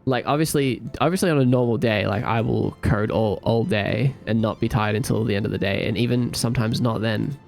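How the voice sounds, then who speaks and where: Male streamer, fry in the voice, drowsy and rambling as he codes and chats with viewers. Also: fairly low pitch, fairly quick, few pauses, faint music behind. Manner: relaxed, rambling, thinks aloud, hums to himself. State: sleepy. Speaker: streamer coding a game. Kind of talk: casual live-stream chat while coding.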